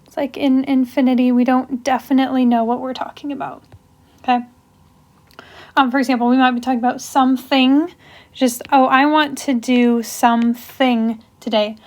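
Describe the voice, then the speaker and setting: A woman's voice: high voice, little pitch movement, normal speed, darkish tone. A young woman teaching a casual grammar lesson, explaining step by step with example sentences and frequent ums. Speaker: language teacher. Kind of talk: casual classroom lecture.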